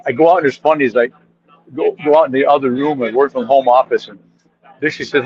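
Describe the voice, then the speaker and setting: Talking quickly in a mid-range voice, this podcast guest spins stories in a relaxed conversation, performing the quotes with animation and frequently starting sentences over. The highs are cut off in the audio.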